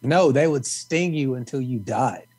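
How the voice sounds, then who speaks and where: A man co-hosting a comedy podcast, cutting in with short teasing, deadpan jokes in casual chat. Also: medium pitch, breathy edge. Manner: teasing, quick deadpan interjections. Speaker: podcast co-host.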